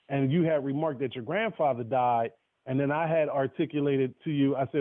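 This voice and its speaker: A man's voice: fairly high pitch, fast talker, no room sound. A man telling a heartfelt story on a call-in broadcast, emotional and preacherly, with many restarts. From North Carolina. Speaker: guest speaker. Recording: tinny phone line, dry.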